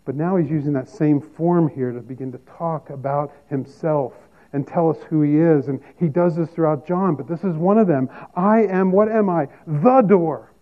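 A man's voice: fairly high pitch, normal speed, hardly any pauses. A man preaching a sermon as a pastor, teaching emphatically and repeating key phrases. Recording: tinny phone-like sound.

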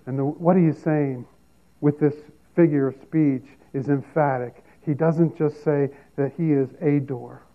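Emphatic pastor preaching, tinny sound. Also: male voice, fairly high pitch, fairly even intonation, unhurried. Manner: teaching, emphatic, repeats key phrases. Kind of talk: sermon.

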